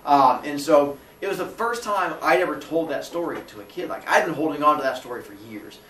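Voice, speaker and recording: A man, a teacher, telling a personal story on a casual podcast, acting out dialogue with big jumps in pitch and breaking into laughs. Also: lively intonation, brisk, pushed and bright. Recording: roomy sound from a distant mic with faint noise.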